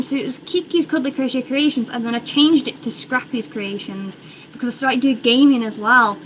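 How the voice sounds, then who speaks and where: A young woman with a British accent, chatting in a rambling, excitable way while she hosts a casual crochet livestream from home. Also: high-pitched, background noise. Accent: British English.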